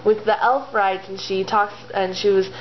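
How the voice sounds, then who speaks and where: A chatty woman rambles through a story in a loose, easygoing way, filling her sentences with little fillers. Her pitch sits in a middle range. The audio is a bit dull and lo-fi, with a faint hiss underneath. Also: fairly even intonation, normal speed. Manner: chatty, rambling, full of "like" and "you know". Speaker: vlogger. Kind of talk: casual storytelling, retelling fan fiction. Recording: slightly dull lo-fi home video audio.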